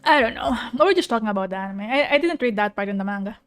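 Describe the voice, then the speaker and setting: High-voiced young woman, effusive rambling chat. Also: lively intonation, rapid-fire, clean tone. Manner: rambling, effusive, emotional, with restarts. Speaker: vtuber streamer. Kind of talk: casual chat reacting to an anime. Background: soft piano music.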